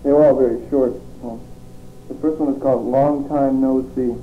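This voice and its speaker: A man reading his own poetry in a steady, rhythmic way, with offhand asides between the poems. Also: mid-range voice, brisk. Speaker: poet reading his work. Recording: tinny lo-fi 1960s tape with faint hiss.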